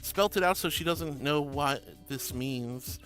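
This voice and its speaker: A woman's voice: low voice, a little slow, fairly bright tone, soft background music. A woman streaming casually, reading chat aloud in an affectionate, giggly way, calling viewers sweetie and honey and often repeating herself. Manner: rambling, repeats phrases. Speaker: VTuber streamer.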